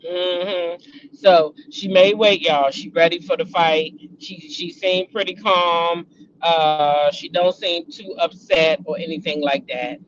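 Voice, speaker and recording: A woman's voice: fairly low pitch, takes it slowly, muffled recording, a little hiss or hum. A woman hosting a casual gossip vlog, laughing a lot and cursing freely as she talks. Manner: laughing, profane, excitable. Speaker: host.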